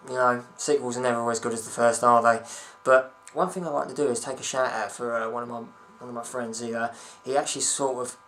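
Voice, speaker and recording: A man's voice: medium pitch, steady tone, fast, a bit bright. Young man ranting, sweary. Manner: rambling, sweary, sarcastic. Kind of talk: casual ranting vlog. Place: at home.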